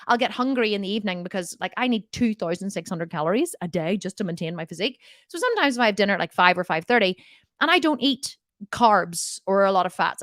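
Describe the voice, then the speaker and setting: A woman's voice: medium pitch, a bit bright, no echo, studio quality. A woman diet coach answering viewer questions in a live Q&A, blunt and direct, often laughing and swearing jokingly.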